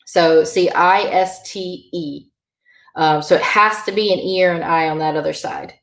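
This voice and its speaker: A woman's voice: on the low side, steady tone, normal speed, a bit bright, roomy sound. A woman teaching a beginner Irish language lesson, explaining pronunciation patiently with many ums and uhs.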